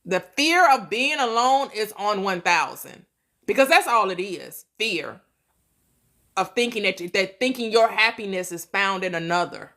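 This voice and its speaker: Woman on a live stream, slow and halting, bright sharp voice, heartfelt and chatty, bit of aave. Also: medium pitch, lively intonation. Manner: slow, halting speech with many restarts and fillers; emotional, heartfelt storytelling. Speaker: host of a manifestation channel. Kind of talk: casual live-stream chat.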